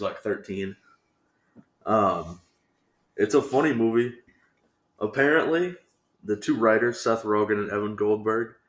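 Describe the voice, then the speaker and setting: A man co-hosting a movie podcast, chatting casually and rambling as he laughs and acts out scenes. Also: on the low side. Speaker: returning podcast co-host. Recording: echoey room.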